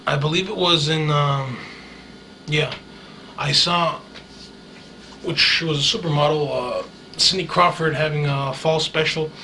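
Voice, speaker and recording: A man's voice: on the high side, bright, forceful tone, a little hiss or hum, rough recording. A man recording a rambling monologue diary, hesitant and full of fillers and restarts, sounding dreamy and awed.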